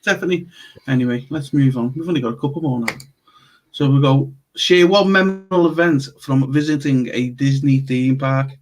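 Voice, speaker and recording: A man with a Scouse accent hosting a podcast in casual chat, chatty and quick to joke and laugh. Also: medium pitch. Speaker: podcast host.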